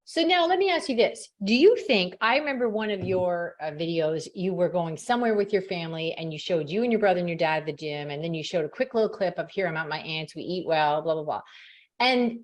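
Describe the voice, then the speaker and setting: A woman's voice: on the low side, lively intonation, a little fast, hardly any pauses. A woman hosting a podcast interview, chatty and self-mocking, often laughing as she tells stories. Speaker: podcast host. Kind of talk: casual interview talk.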